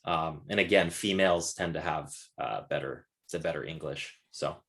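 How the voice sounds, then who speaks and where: A man with a very low voice hosts a question-and-answer webinar over a video call. He talks loosely and encouragingly, with plenty of fillers. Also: normal speed. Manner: relaxed, filler-heavy, encouraging. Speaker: webinar host and course instructor. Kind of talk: casual Q&A chat.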